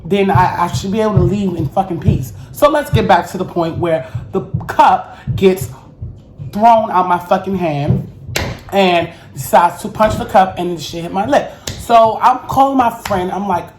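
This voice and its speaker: A woman's voice: lowish voice, normal speed, a little mellow. A woman vlogger telling a story time in a blunt, heated, profane way. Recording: roomy echo, faint noise.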